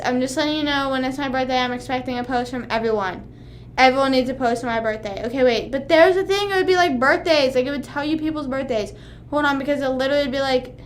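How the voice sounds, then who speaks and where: Woman, 20s, high-pitched, casual stream chat, rambling, swears a lot. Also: slight background noise. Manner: rambling, animated, swears often.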